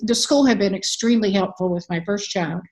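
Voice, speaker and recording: A woman's voice: mid-range voice, fairly quick, darkish tone, poor audio. Older woman guest, advocate and author; earnest, candid storyteller, fillers throughout. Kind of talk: conversational interview storytelling.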